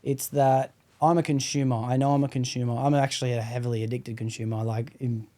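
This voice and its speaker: A man's voice: medium pitch, level tone, brisk, warm tone. A man hosting a podcast, talking candidly in a casual, rambling way with many "you know"s. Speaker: podcast host.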